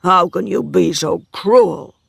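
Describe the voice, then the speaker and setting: A wounded, jealous farmer, read by a man. His voice is gravelly and slow, pressing each line with force. The recording is close and dry. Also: high-pitched, no echo. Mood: hurt. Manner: forceful, anguished. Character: wounded older male farmer, jealous and intense. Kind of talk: dramatic story reading.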